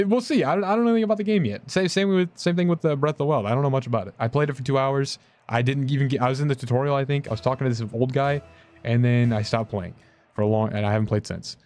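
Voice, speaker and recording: Young male streamer, mid-range voice, rambling self-mocking chatter, pitch jumps around. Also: darkish tone, no echo. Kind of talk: casual gameplay commentary.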